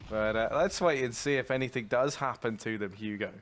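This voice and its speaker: A man's voice: medium pitch, a little fast, fairly bright tone. A male esports commentator with a mid-range voice who hams up the drama of each round. He mixes play calls with silly bits aimed at his co-caster. Faint noise hums behind him. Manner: theatrical, silly jokes. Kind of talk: color commentary.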